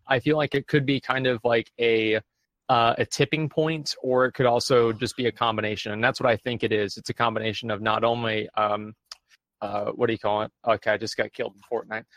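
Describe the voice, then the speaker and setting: A man's voice: medium pitch, a bit bright, no room sound. A man, a streamer, thinking things through aloud in casual chat. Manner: thoughtful, analytical.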